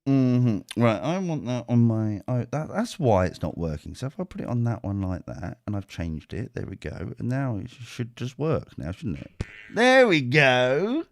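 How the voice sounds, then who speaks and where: A man hosting a casual podcast chat, laughing often and swinging between high and low notes. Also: big pitch swings, moderate pace, creaky, few pauses, mellow, no echo. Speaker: podcast host.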